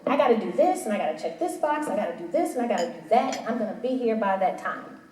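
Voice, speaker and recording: A woman in her forties giving a motivational talk to a live audience, telling animated stories and acting out the voices in them. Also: medium pitch, fast talker, slight background noise. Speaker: panel speaker. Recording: roomy hall audio from a distant mic.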